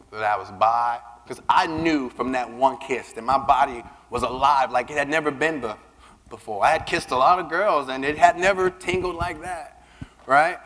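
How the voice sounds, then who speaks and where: A man giving a keynote speech, telling a personal story with lively, acted-out dialogue. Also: medium pitch. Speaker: keynote speaker. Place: large conference hall. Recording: long reverb of a big hall.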